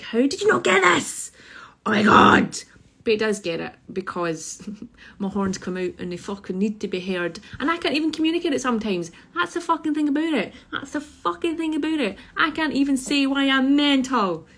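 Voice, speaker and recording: A woman's voice: medium pitch, a bit bright. A Scottish woman, a mother, talking frankly to camera in a casual rant, blunt and full of swearing. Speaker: mother vlogging about parenting.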